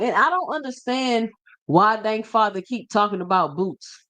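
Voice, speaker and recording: A man's voice: high-pitched, lively intonation, normal speed, pushed and bright. A man hosting a boxing livestream, talking casually and slangily straight to his chat and reading out viewer comments.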